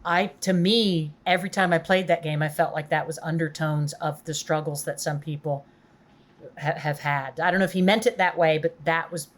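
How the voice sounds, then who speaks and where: Low-voiced woman chatting casually. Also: steady tone, moderate pace. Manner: casual, enthusiastic, hedging. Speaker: podcast guest. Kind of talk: casual chat.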